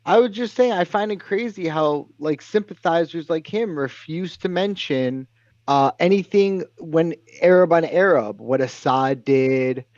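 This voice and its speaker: High-voiced male caller on dull audio. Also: unhurried, darkish tone, no echo. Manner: heated, argumentative, ranting. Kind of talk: casual live-stream call-in. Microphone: remote call audio. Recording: dull, dry remote call audio.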